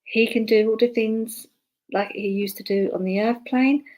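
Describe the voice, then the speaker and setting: Woman, spiritualist medium giving live online readings; hesitant, lots of fillers and restarts, murmurs quietly to herself between messages. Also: on the high side, steady tone, moderate pace, poor audio. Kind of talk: live online clairvoyance demonstration.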